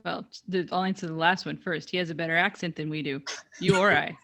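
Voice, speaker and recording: Co-host: woman from Washington State, bright, eager, laughs easily. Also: on the low side, fairly even intonation, fast talker, vocal fry, slight background noise. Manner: eager, laughing, talks in restarts. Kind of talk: casual chat.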